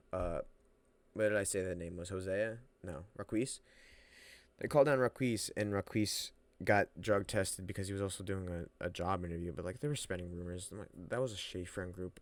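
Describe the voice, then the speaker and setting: Young man, lower voice, animated and profane casual storyteller, dry close sound. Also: no echo. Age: young adult. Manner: profane, rambling, animated retelling.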